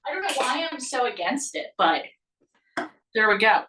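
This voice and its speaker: A bubbly woman talks viewers through a live cooking class, chatting and calling out names as she works. Her voice sits a little high, and it rings in a roomy kitchen. The mic is set a distance away from her. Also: big pitch swings, moderate pace, background noise. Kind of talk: live online cooking demonstration.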